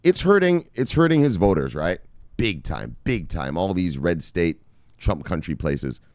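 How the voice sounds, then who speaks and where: A man's voice: low voice, very animated, measured pace, a little mellow, no echo, clean studio sound. A man hosting crypto news, ranting with casual profanity and lots of fillers. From United States.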